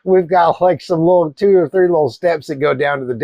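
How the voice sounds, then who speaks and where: A man, hosting a cigar channel and telling a wild story in a profane, animated way. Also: on the high side, fairly quick, no room sound, highs cut off. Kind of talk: casual storytelling.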